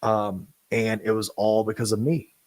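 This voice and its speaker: A man giving an earnest, apologetic statement on a podcast, halting often and restarting his sentences. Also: fairly low pitch, little pitch movement, a little mellow, no room sound. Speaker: podcast co-host.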